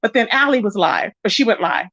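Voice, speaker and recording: A woman hosting a casual gossip livestream, chatty and animated, greeting viewers in the chat by name. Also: brisk, no room sound. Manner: animated, pitch jumps up when excited. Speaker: live-stream gossip host. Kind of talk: casual live-stream chat. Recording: dull lo-fi sound, dry.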